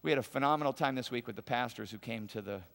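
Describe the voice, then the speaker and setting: A man preaches to a congregation in a large church auditorium. He moves between easy storytelling and insistent repetition to land his points. His voice is gravelly at a middle pitch, and a long reverb trails off the walls. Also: racing, fairly bright tone. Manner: conversational storytelling, emphatic repetition. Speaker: pastor. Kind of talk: sermon.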